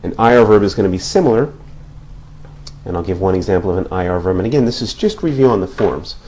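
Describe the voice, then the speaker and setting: A man's voice: sits low, lively intonation, fast, a little mellow. A man teaching a Spanish grammar lesson at a whiteboard, explaining patiently and checking in with listeners after each point. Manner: patient, repeats points with frequent "okay?" checks.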